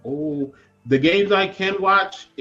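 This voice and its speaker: A man with a slightly high voice co-hosts a casual sports debate. He teases and questions his partner, and his audio sounds dull and lo-fi. Faint music plays behind him. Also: slow, pushed and bright. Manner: teasing, questioning. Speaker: co-host.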